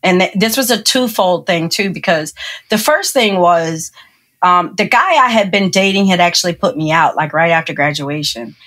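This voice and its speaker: A woman guest on a podcast, recounting her own story in relaxed conversation, laughing often and acting out the people she quotes. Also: on the low side, normal speed.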